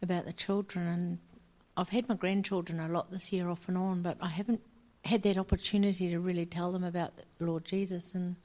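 A woman's voice: on the low side, little pitch movement, a little fast, hardly any pauses, a little mellow. An older woman giving an earnest testimony at a church meeting.

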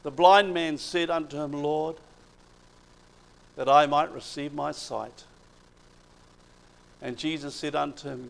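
Male preacher, slightly high, gravelly voice, animated sermon delivery. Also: slow pace, long pauses, poor audio. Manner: retells Bible stories with animated emphasis.

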